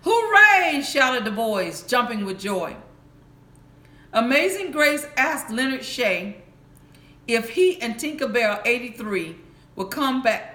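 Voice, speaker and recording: A woman reads a bedtime story for adults in a slow, measured way and sometimes stops to correct a word. Her voice sits a little high. The sound rings in an echoey room. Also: a bit bright. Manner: slow, careful reading with small restarts.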